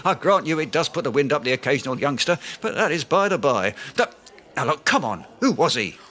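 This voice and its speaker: Brief: man voicing pompous, blustering wannabe author, bright, swoopy comic delivery. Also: on the high side, very animated, brisk. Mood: bluffing. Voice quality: grandiloquent, blustering. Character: pompous self-deluded aspiring male writer. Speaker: comic lead. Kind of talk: comedy audio drama acting.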